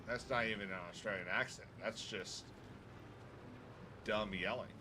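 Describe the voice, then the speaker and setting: Joking low-voiced man streaming. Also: moderate pace, pushed and bright, slight background noise. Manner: joking, chatty asides to chat. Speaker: livestreamer playing a trucking game. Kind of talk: casual gaming livestream chat.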